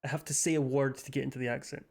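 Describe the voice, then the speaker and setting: A man's voice: mid-range voice, level tone, very fast, creaky, a little mellow. A man streaming a game live, chatting casually, rambling and swearing between jokes. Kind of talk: casual chat while gaming.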